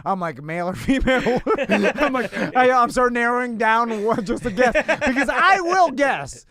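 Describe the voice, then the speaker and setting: A man's voice: extremely high pitch, animated, a little slow, pushed and bright. A man co-hosting a podcast in casual chat, laughing often and rambling with lots of "yeah, yeah". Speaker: podcast co-host.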